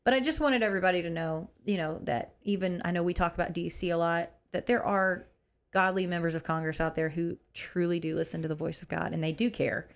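A heartfelt woman co-hosts a faith podcast, and her voice sits low for a woman. She speaks earnestly, with plain emotion, in easy conversational talk. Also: fairly even intonation, a little fast, gravelly. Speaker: podcast co-host. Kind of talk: casual faith podcast chat. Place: office used for recording podcasts.

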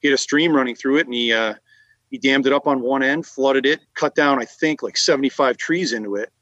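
A man's voice: mid-range voice, brisk, a bit bright, no echo, lo-fi sound. A man from Massachusetts telling long fishing anecdotes in a casual chat, with lots of fillers and restarts. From Massachusetts, USA. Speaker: guest telling fishing stories. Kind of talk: casual conversational storytelling.

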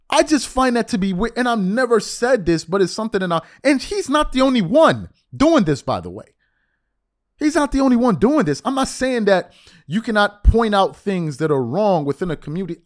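A man hosting a commentary show, talking in an impassioned way, repeating himself and building to exasperated outbursts. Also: high-pitched. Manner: animated, repetitive, rising to exasperated outbursts. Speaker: show host.

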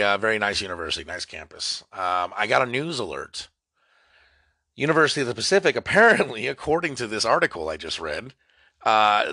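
Man, podcast host, young adult, rambling comic monologue, lowish voice, bright forceful tone. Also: no room sound, studio quality. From California. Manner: rambling, mock-dramatic, swings between loud outbursts and mutters. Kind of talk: comedic solo podcast monologue.

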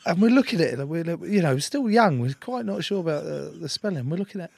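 A man's voice: fairly high pitch, lively intonation, fast talker, gravelly, a little mellow, slightly rough, dry recording. Man, young, rugby interview guest, casual joking chat, swears, dry close recording. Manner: jokey storyteller, swears, acts out quotes. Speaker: professional rugby player, guest.

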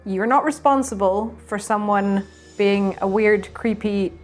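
A woman's voice: medium pitch, a little slow, faint music behind. Earnest woman player, reassuring in character. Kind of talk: in-character tabletop role-play.

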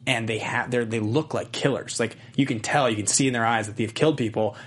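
A man rattling through a casual movie podcast at a brisk clip, talking at length and explaining as he goes. His voice sits at an ordinary middle pitch for a man. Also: breathy edge. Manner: quick, chatty, explains at length. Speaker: podcast host.

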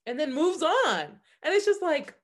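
Woman cohost gushing, animated, chatty with side notes. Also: sits high, measured pace. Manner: animated gushing retelling with asides. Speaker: podcast co-host. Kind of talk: casual book chat.

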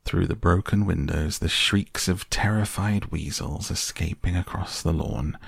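A man reads a classic children's book softly for sleep, slow and even. His voice is deep with a gravelly fry. The recording is close and dry. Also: no echo. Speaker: storyteller. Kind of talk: soft bedtime audiobook reading.

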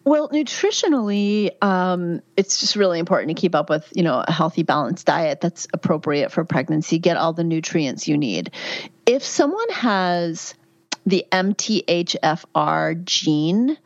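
A middle-aged woman with a lowish voice talks in an earnest, chatty way, full of fillers and restarts. The recording is dry and slightly dull, with a lo-fi edge. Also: lively intonation, measured pace, no echo. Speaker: midwife and guest. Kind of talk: conversational interview answers.

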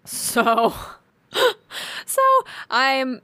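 A young woman telling a work story in casual chat, animated and swearing freely, acting out what she said. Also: on the high side, extremely slow, dry recording.

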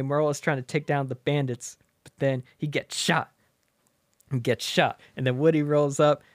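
A man's voice: medium pitch, no echo, studio quality. A man in casual chat retelling a story with lots of laughter, slipping into character voices. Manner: animated, laughs often, acts out characters.

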